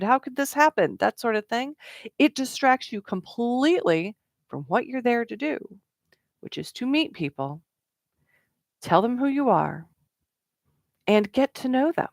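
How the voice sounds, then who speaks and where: A woman's voice: on the high side, no room sound, studio quality. A middle-aged woman talking casually as a networking coach, with many fillers and quoted asides. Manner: conversational with fillers and acted-out quotes. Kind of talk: casual talk to camera.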